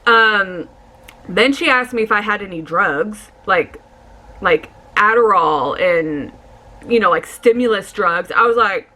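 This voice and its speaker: A young adult woman vlogger telling a casual storytime, animated and swearing, acting out what people said. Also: medium pitch, a little slow.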